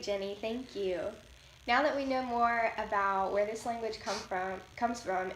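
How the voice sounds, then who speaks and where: A woman reads a prepared class presentation and explains each point with care. She slows down to sound out example words. Her voice carries some echo from the room, with a faint hiss behind it. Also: medium pitch. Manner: careful, explanatory, slows to demonstrate pronunciations. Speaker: student presenter.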